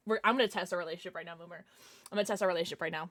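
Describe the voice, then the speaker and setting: A woman game streamer in casual livestream chat, bubbly and excitable, often breaking into giggles. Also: mid-range voice, fast, long pauses.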